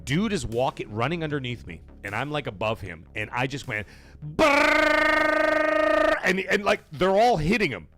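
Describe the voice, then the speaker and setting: A man hosting a gaming livestream, loudly shouting out chat donations and swearing casually. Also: mid-range voice, big pitch swings, brisk, hardly any pauses, faint music behind. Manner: loud, hyped shout-outs reading chat donations. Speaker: livestream host. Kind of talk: energetic live stream chat.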